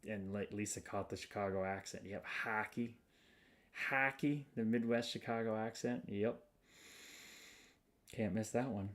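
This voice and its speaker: A man's voice: fairly low pitch, steady tone, a little slow, long pauses, fairly bright tone. A man hosting a casual livestream, greeting viewers by name and reading their comments in an upbeat, spiritual way. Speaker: livestream host.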